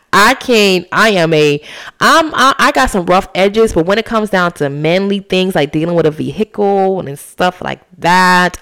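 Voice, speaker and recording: A woman's voice: lowish voice, a bit bright, clean tone. A woman hosting a solo podcast, talking casually and preaching with emphasis straight to her listeners. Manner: casual and chatty, often says "y'all" and "honey". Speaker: podcast host.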